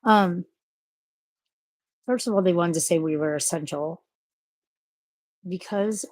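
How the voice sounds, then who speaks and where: A woman's voice: on the low side, slow, no echo. A middle-aged woman talking frankly in a rambling, profane monologue about work and quitting jobs. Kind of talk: casual monologue.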